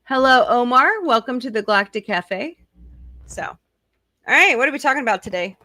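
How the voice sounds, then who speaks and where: A woman's voice: on the high side, lively intonation, moderate pace, sharp tone, no room sound. A middle-aged woman hosting a casual live stream, chatting and answering viewer comments. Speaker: host.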